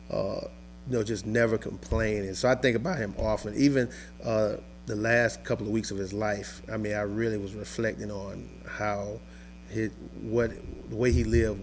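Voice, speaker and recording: A man, a high school football coach, recalling a lost team member in a halting interview with many pauses and fillers. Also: gravelly. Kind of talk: emotional interview recollection.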